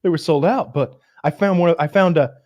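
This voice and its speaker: A man puts on a flustered guy who keeps dodging words. He stammers, restarts and circles around what he means. The voice sits a little high. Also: fairly quick, darkish tone, dull audio, natural voice. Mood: fumbling.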